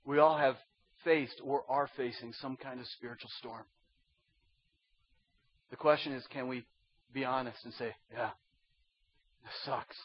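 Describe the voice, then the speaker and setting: A man preaching a sermon as a pastor, dropping to a hush and rising to loud pleading. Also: medium pitch, fairly even intonation, normal speed, long pauses, husky, dull audio. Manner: swings from hushed to loud pleading.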